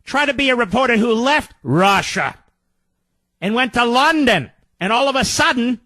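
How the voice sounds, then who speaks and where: An older man hosting a radio talk show, delivering a sarcastic political monologue with mocking, theatrical swings between loud jabs and low mutters. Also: sing-song, normal speed, dry recording, faint music behind.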